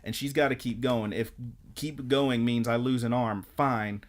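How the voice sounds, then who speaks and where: A man's voice: mid-range voice, unhurried. Man recapping a scene in casual chat. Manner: animated storytelling, acting out quotes. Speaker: podcast co-host.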